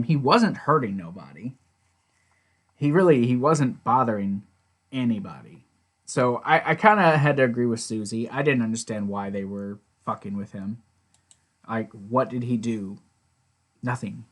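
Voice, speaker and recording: A man's voice: medium pitch, lively intonation, moderate pace, fairly bright tone. A man giving a casual recap of a TV episode, chatty and blunt, retelling scenes by quoting the characters and swearing now and then. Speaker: TV show reviewer.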